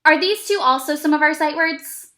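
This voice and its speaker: A woman teaching an early reading lesson to young children, speaking slowly and encouragingly with plenty of praise. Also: sits high, pushed and bright, roomy sound. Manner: slow, exaggerated, encouraging teacher talk with praise.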